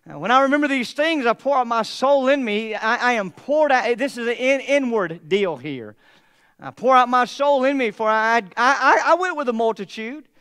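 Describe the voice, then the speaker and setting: Man pastor giving a sermon, high smooth voice, goes quiet then loud and mocking. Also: animated, moderate pace. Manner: preaching with swings from hushed to emphatic, mocking asides.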